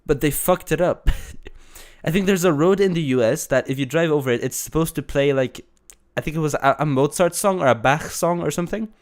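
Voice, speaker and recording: Stuffy-nosed male streamer, rambling live commentary, smooth resonant voice. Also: fairly high pitch, fairly quick. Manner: rambling, many restarts and laughs. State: a bit congested from a cold. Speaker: streamer reacting to videos.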